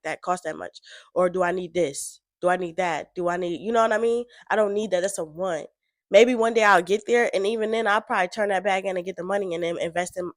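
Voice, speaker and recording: A woman's voice: mid-range voice, dry recording. A woman giving casual reaction commentary, rambling and frank, full of fillers. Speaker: reaction vlogger.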